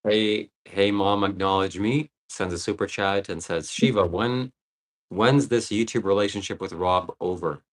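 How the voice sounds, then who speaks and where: A man's voice: lowish voice, unhurried, low-quality recording. A man on a livestream reading out chat messages and answering them in a laid-back, philosophical way.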